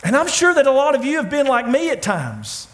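A man preaching a sermon in a church, with dramatic pauses, swinging from loud, pleading lines to hushed ones. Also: very high-pitched, huge pitch swings. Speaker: pastor. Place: church sanctuary.

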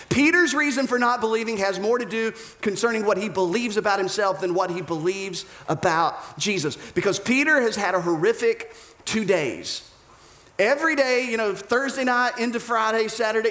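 A man delivers a sermon as pastor, his voice sitting a touch high for a man. He tells the story in a lively, casual way and slips into quick voices for the people in it. The sound carries a roomy echo around him. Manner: animated storytelling, acting out voices of the characters. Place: church auditorium. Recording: echoey room.

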